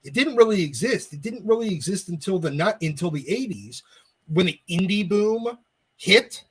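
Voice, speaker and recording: A man on a live panel explaining a point in a measured way. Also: high voice, expressive, slightly rough. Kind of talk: casual live panel chat.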